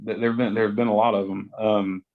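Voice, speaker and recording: A man's voice: on the low side, flat delivery, fast, phone-quality sound. A man from West Virginia, a gospel singer, talking casually as a podcast guest and rambling with lots of restarts. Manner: rambling, restarts often, says "like" a lot. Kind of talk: casual interview chat.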